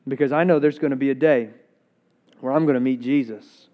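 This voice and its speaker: A male pastor preaching a sermon with energy, repeating words as he gets excited. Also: medium pitch, fairly quick, phone-quality sound.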